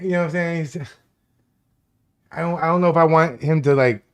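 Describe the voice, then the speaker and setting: A man hosting a live stream, excitable and profane, talking over himself as he scrambles to find and play a clip. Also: fairly high pitch, fairly quick, smooth. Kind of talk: casual live stream chat.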